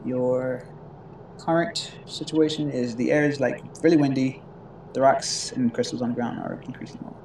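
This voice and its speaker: A man running a tabletop game as game master, narrating haltingly with many fillers and frequent laughs. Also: mid-range voice, fairly even intonation, darkish tone, roomy sound, distant mic, a little hiss or hum.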